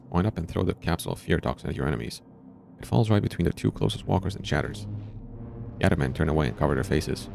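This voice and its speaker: A man's voice: low voice, animated, fast, vocal fry, a little mellow, soft background music. A man streaming a narrative game, reading the story aloud and making casual asides in between.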